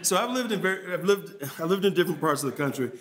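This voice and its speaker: A man's voice: sits high, expressive, fast, a bit bright. A man from Mississippi with a Southern accent, giving a journalism workshop talk and answering questions, often restarting with repeated words. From Mississippi, USA. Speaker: journalism trainer.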